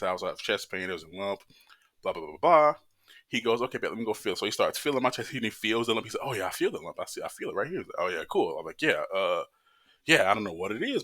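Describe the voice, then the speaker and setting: Man, storytime vlog, lively up-and-down delivery, bright voice, low pitch, swears a lot. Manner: animated, swearing, acts out quotes with high-pitched voices. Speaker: vlogger telling a story.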